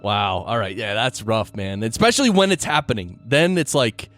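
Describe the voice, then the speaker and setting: A man hosting his podcast in a casual chat, easygoing and quick to laugh, with loose, filler-heavy phrasing. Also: lowish voice, animated, fairly bright tone, no room sound, faint music behind. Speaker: podcast host.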